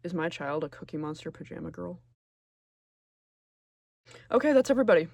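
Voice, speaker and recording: A man giving casual, sarcastic tier-list commentary, full of swearing, who jumps between loud outbursts and low muttering. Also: animated, fairly quick, creaky, no room sound, clean studio sound. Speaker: video creator.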